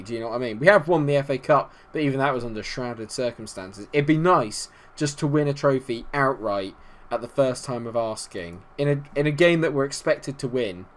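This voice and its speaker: Young male gaming creator, mid-range voice, excitable match commentary that lurches between quiet grumbling and loud shouting. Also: medium pitch. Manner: swings from muttering to shouting at the match. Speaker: gaming YouTuber.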